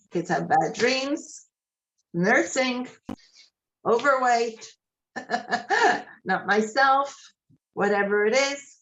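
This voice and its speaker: A woman's voice: a little high, highs cut off. An older woman giving an informal Torah class, telling stories, quoting conversations and mixing in Hebrew terms. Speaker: Torah lecturer.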